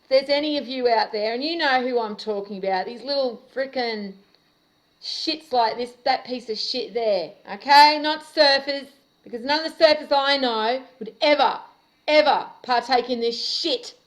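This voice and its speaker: A woman's voice: high-pitched, moderate pace, rough recording. An Australian woman delivering a profane, confrontational monologue to camera in an angry rant. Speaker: video commentator.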